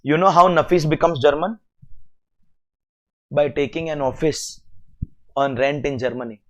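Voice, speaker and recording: A male lecturer with an Indian English accent works through a tax lesson. His voice sits a little high, and he keeps firing rhetorical questions at the class with lively energy. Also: unhurried. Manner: animated, rhetorical questions to students. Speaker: CA exam lecturer.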